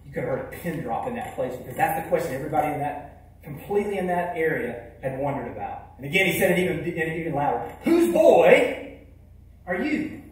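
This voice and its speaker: A man's voice: on the high side, quick pace, recorded from a distance. Emphatic man in an echoey hall. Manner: emphatic, swings between loud punches and hushed lines. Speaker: keynote speaker. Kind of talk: motivational storytelling talk. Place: large hall.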